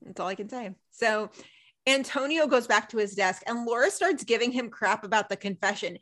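A woman's voice: a little high, moderate pace, fairly bright tone. A woman co-hosting a podcast, recapping a TV episode in casual chat, ranting emphatically and swearing freely.

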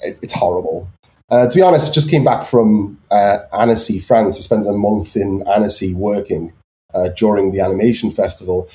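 Guest: man, anglicized North Welsh accent, warm mellow tone, halting delivery with lots of fillers. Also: on the low side. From Wales. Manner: hesitant, many ums and restarts. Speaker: guest artist. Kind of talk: casual chat.

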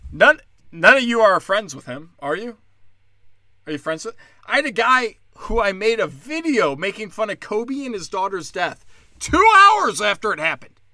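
A man's voice: high voice, pushed and bright, no room sound. A young man ranting in a combative, sarcastic monologue, cursing and mocking his critics. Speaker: comedian.

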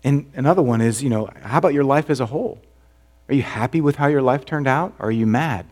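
A male pastor preaches in an easy, conversational way, putting rhetorical questions to the congregation. His voice sits at an average pitch and now and then drops soft and low to press a point home. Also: fast. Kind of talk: sermon.

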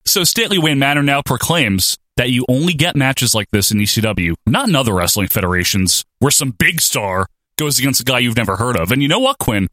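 Lively, bright-voiced New Jersey man. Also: mid-range voice, brisk. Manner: sarcastic, laughs often, reads play-by-play. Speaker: podcast co-host. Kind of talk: casual wrestling commentary chat.

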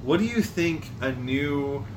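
Joking guy cohost, bright voice, bounces all over, faint hiss. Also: fairly high pitch, expressive, takes it slowly. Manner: joking, laughs a lot. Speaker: podcast co-host. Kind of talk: casual podcast chat.

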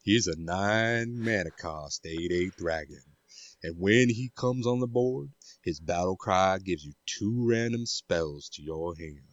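A man with a cold voicing a slow, sultry, deep-voiced male crooner with a put-on Southern accent. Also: no echo, dull audio. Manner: slow drawling sultry delivery. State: has a cold.

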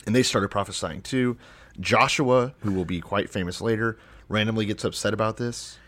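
A man on a comedy podcast, calmly explaining bible passages with dry jokes. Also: lowish voice, moderate pace, no room sound. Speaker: podcast co-host. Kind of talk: casual comedic chat.

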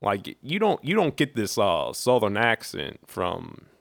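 A man's voice: fairly low pitch, huge pitch swings, measured pace, creaky, no echo, clean studio sound. A man from Virginia, guest-hosting a podcast, chatting casually and joking with frequent laughs. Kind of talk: casual chat.

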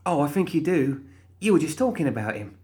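A man's voice: a little high, sing-song, a little fast, a little mellow, pitched above the performer's own voice. A man voicing a cheerful, prim undead young woman, talking in a chirpy, sweetly indignant way in a storybook reading.

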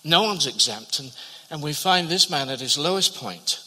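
Guy preaching a sermon, high bright voice, storyteller vibe, lots of echo in the hall. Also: lively intonation, moderate pace, husky. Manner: storytelling, repeats words, drops to a hush at tender moments. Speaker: pastor. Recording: long hall reverb.

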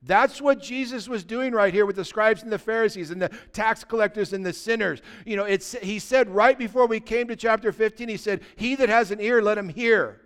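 A man, a pastor preaching a sermon and telling stories, swinging from loud passages to hushed ones. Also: high voice, a little fast, hardly any pauses, clear, resonant tone. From United States.

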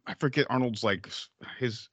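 A man's voice: mid-range voice, normal speed, no echo, lo-fi sound. A man co-hosting a podcast, rambling through casual movie talk with lots of fillers and swearing. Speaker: podcast co-host. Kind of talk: casual movie-review banter.

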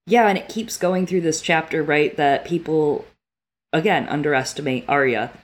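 Woman, low voice, podcast co-host, casual, emotional, swears a lot. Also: moderate pace. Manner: emotional, swears freely, tearful while reading. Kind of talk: casual book-discussion podcast, reading aloud.

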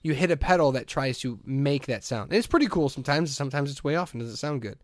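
A man's voice: medium pitch, expressive, fast, no room sound, clean studio sound. A man co-hosting a podcast, chatting casually in a joking, opinionated way. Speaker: podcast co-host. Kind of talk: casual chat.

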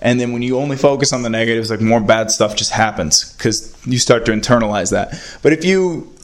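A young man telling a rambling, self-mocking story in casual monologue, swinging from muttered asides to loud outbursts and swearing freely. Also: medium pitch, fairly quick.

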